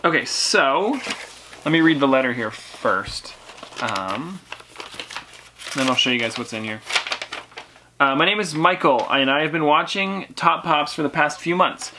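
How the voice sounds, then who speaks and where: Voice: mid-range voice, animated, unhurried, pauses often, noisy background. A teenage YouTube host chatting casually while reading viewers' letters aloud, upbeat and talkative. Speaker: YouTube collector channel host. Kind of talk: casual mail-opening vlog.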